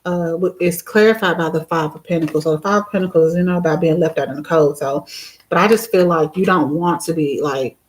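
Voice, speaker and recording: A woman's voice: low-pitched, brisk, poor audio. A woman giving a casual, chatty live tarot reading, giggling and filling her talk with "you know" and "like" while nursing a sore throat. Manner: chatty, giggly, lots of fillers. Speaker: tarot reader.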